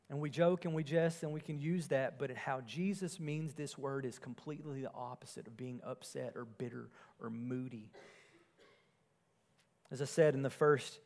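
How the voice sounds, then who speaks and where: A male pastor preaching an earnest sermon, moving between emphatic and quiet passages. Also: medium pitch.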